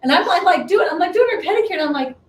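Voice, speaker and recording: Animated woman in her fifties, roomy echo. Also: rapid-fire. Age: 50s. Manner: animated, acts out quoted voices with big swings in pitch. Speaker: co-host. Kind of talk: casual storytelling chat. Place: home live stream. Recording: roomy echo, distant mic, faint noise.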